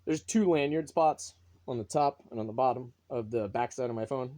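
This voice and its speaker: A man from North Carolina talking casually to his phone in a rambling monologue, swearing often and filling pauses with ums and uhs. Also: medium pitch, dark tone, a little hiss or hum. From North Carolina, USA. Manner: swears a lot, rambling with many fillers. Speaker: vlogger.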